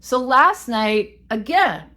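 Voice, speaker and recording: A woman co-hosting a podcast, telling a story in a casual, animated, self-mocking way. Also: a little high, takes it slowly. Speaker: podcast co-host.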